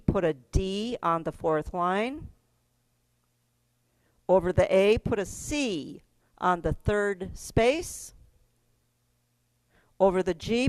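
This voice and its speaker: A woman's voice: medium pitch, lively intonation, slow pace, pauses often, clean tone, no room sound. A middle-aged woman teaching a keyboard class, giving step-by-step instructions in a chatty way and laughing often.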